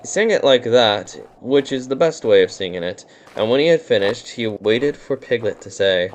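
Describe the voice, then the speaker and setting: A man narrates a bedtime storybook in a gentle, soothing way. His voice sits at an ordinary mid pitch. A faint hiss sits behind the recording. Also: animated, normal speed.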